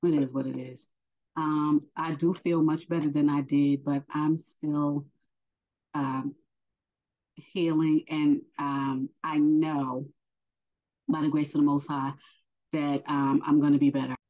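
A woman giving a casual spoken religious lesson, unhurried and hesitant with many fillers. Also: sits low, little pitch movement, mellow. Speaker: faith teacher. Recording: dull lo-fi recording.

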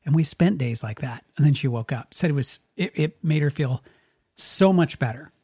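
A man's voice: a little high, expressive, moderate pace, dark tone, slightly rough, no room sound, studio quality. A middle-aged man from Spokane hosting a podcast, telling stories in a rambling casual way with lots of restarts. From Spokane, USA. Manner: rambling, frequent restarts, acts out quotes. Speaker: podcast host. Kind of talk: casual storytelling chat.

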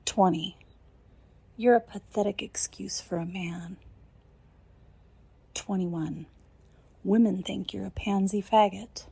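A woman performing a scripted dominant role-play monologue in a commanding, taunting manner, often dropping into breathy whispers. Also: mid-range voice, fairly even intonation, takes it slowly, pauses often, dark tone, no echo. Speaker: narrator.

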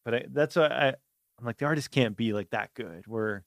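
A man's voice: medium pitch, fairly quick, dry recording, studio quality. A young man co-hosting a podcast, casually chatting and looking up movie facts. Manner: relaxed, easygoing, fills in details. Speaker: podcast co-host. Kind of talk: casual chat.

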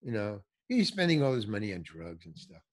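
An older man telling a comic story in casual chat, acting out the people in it with big jumps in his voice. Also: fairly quick. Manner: animated, acts out quotes with big pitch jumps. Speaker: comedian guest telling stories.

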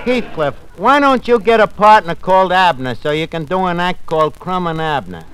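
An actor playing a brash, ungrammatical tavern manager in a 1940s radio comedy. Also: male voice, high-pitched, animated, normal speed, heavy background noise. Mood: wisecracking. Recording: old radio broadcast with live audience.

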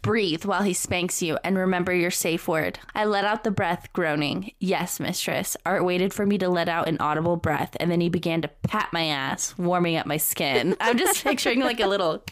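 Woman, young adult, podcast co-host, reading a novel aloud, low-ish voice, dry close sound. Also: steady tone, normal speed, few pauses, dry recording. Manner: reads dryly, breaks into laughter.

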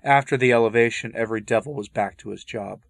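A man reading a saint's visions aloud in a measured way, with loose spoken asides that break off and restart. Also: mid-range voice, gravelly, dry recording. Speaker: religious commentator. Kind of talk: reading a saint's story with commentary.

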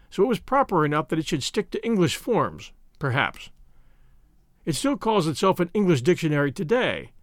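A man reads a classic essay aloud as scripted narration, in a measured, dry manner. His voice is high, with lively, animated pitch movement. The recording is close and dry, with no room sound.

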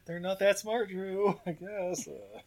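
A man's voice: high-pitched, steady tone, slow, a crowd in the background. A man co-hosting a podcast, recapping a movie in casual chat, laughing often and acting out lines. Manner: laughs often, acts out lines in goofy voices. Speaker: podcast co-host.

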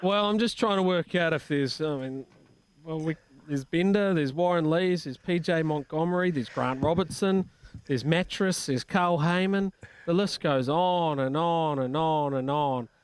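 A man's voice: a little high, unhurried, smooth. A man with a New Zealand accent hosting breakfast sports radio, upbeat and reading out listener messages. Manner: upbeat, reads listener texts. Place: radio studio.

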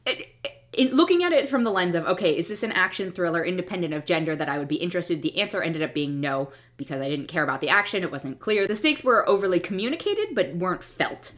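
A woman with a lowish, fairly bright voice talks fast and very animatedly in a casual movie review monologue. She's blunt and opinionated, frequently restarting and trailing off mid-thought.

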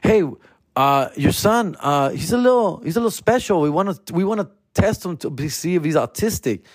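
A man's voice: a little high, animated, no echo, studio quality, voice pushed up. A man doing a hesitant teacher. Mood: cautious. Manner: halting, slow and raised. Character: hesitant school teacher, careful and slow.

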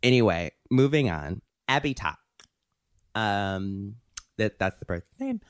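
A woman's voice: rumbling low, animated, no room sound, clean studio sound. A woman co-hosting a casual podcast with her sisters, reading out listener questions in a teasing, playful way. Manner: teasing, playful, drawn-out emphasis.

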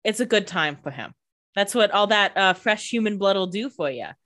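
A young adult woman co-hosting a podcast, chatting casually and tossing in quick jokes about the episode. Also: medium pitch, animated, fairly bright tone. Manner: chatty, laughs often, quips. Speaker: podcast co-host. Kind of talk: casual recap chat.

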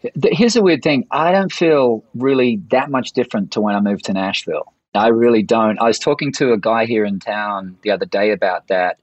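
A man's voice: on the low side, brisk, no echo, dull audio. A man with an Australian accent, a guest on a podcast, talking in an easygoing storytelling way and laughing between phrases. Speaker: guest musician. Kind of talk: podcast interview conversation.

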